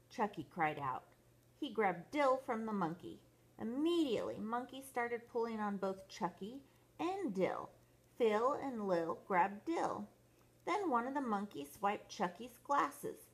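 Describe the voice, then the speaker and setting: An older woman reads a bedtime picture book aloud at an unhurried pace. Her breathy voice rises and falls in a lively, sing-song way as she tells the story to the children. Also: medium pitch. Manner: slow, expressive, sing-song. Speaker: grandmother storyteller.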